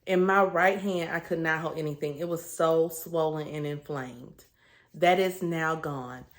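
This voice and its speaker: A woman's voice: low voice, a little slow. A woman giving a candid, casual vlog update to her viewers, talking in an earnest, chatty way with plenty of fillers and restarts. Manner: chatty, earnest, with frequent fillers and self-corrections. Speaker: vlogger sharing a weight-loss surgery journey.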